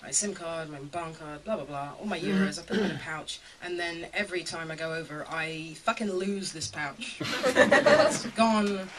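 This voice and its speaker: A woman's voice: lowish voice, moderate pace. Woman in her thirties doing stand-up. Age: 30s. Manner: chatty and self-mocking, many ums. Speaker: stand-up comedian. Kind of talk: live stand-up comedy set. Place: small comedy club stage. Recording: noisy live club with loud crowd.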